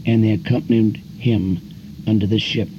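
An older man preaching as an evangelist, telling folksy stories and pushing his voice sharply higher on emphasis. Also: steady tone, moderate pace, noisy background. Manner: folksy storytelling preacher, voice climbing high in emphasis. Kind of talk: sermon. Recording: dull lo-fi recording with faint music.

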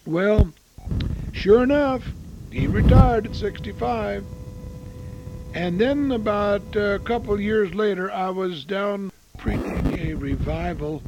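A man in his eighties preaching a storytelling sermon, swinging between loud exclamations and hushed asides. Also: high-pitched, takes it slowly, background noise. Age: 80s.

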